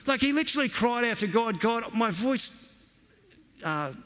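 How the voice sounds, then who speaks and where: A man preaching a sermon, telling stories in a lively, conversational way. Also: very high-pitched, normal speed. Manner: storytelling, animated and conversational. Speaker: pastor. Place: church hall. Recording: long reverb of a church hall.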